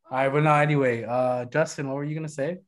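High-voiced young man, casual podcast chat. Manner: laughing, reads out text messages in a flat deadpan. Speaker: podcast co-host.

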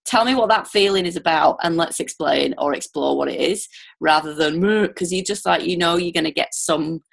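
A woman in her thirties with a northern English accent, hosting a casual remote podcast interview, chatty and quick with asides. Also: low voice, gravelly, breathy edge. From northern England. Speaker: podcast host.

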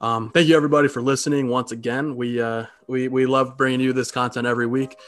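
A man co-hosting a sports podcast who talks quickly. He sounds upbeat and keeps things moving like a host. His voice sits at a middle pitch. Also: flat delivery, fairly bright tone. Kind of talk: casual sports chat.

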